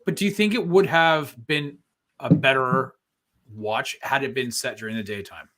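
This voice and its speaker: A man's voice: mid-range voice, normal speed, fairly bright tone. A man co-hosting a live show, chatting animatedly, saying "like" a lot and acting out little scenes. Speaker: co-host. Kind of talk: casual live show chat.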